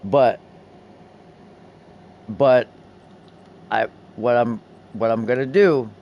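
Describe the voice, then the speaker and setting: A young man streaming a video game, chatting casually and excitably, swearing often and restarting his sentences. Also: mid-range voice, drawn-out words, muffled recording. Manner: profane, excitable, many restarts.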